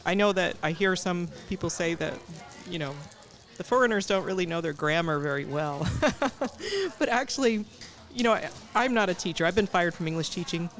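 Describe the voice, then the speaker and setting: Measured, matter-of-fact woman guest. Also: lowish voice, expressive. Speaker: guest, business founder. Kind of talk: casual interview chat.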